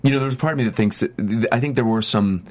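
A man's voice: mid-range voice, quick pace. A middle-aged man, an actor chatting as an interview guest, rambling with many restarts and stammers. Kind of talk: casual chat.

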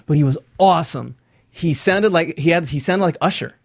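Energetic higher-voiced male podcast host. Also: moderate pace, gravelly, slightly rough, no echo, studio quality. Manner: energetic, rambling, self-deprecating. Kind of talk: casual chat.

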